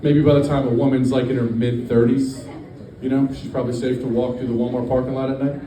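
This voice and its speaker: Male stand-up comic, deadpan rambler, mellow voice, roomy brewery sound with faint ambience. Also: medium pitch, fast talker, a little hiss or hum. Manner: deadpan, rambling with many fillers. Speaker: stand-up comedian. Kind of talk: stand-up set. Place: brewery stage. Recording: echoey room, distant mic, faint ambience.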